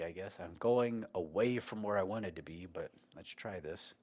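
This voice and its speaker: A man's voice: low-pitched, moderate pace, darkish tone, husky. A man casually reading out and commenting on a gamebook as he plays, joking and swearing freely. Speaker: gamer playing a gamebook.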